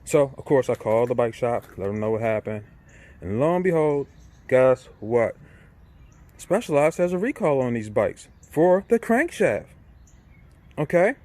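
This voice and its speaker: Man, middle-aged, irate, ranting vlog, repetitive, swears, mid-pitched voice. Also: lively intonation, moderate pace, dark tone. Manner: irate, repetitive, swears and asks "right?" often. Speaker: vlogger. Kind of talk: casual ranting monologue.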